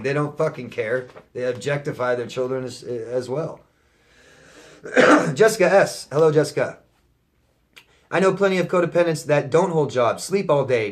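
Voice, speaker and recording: A man working as a life coach, answering viewer questions in a Q&A monologue. He talks bluntly, swears often and repeats his points for emphasis. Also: on the high side. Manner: blunt and profane, emphatic repetition; reads out viewer questions, then answers them.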